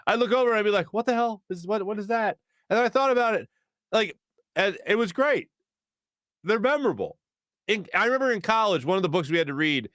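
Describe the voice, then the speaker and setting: Chatty man hosting a lively radio show. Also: on the high side, no room sound, clean studio sound. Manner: chatty, rambling, reads viewer comments aloud with quick asides. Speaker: sports radio host reading live chat. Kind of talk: casual morning show chat. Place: radio studio. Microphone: studio microphone.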